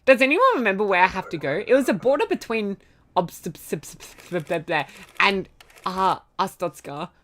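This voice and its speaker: A woman's voice: medium pitch, lively intonation, normal speed. A young woman streaming a game, chatting with her viewers and giggling often. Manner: giggly, talks to chat. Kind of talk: live gameplay commentary. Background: soft background music.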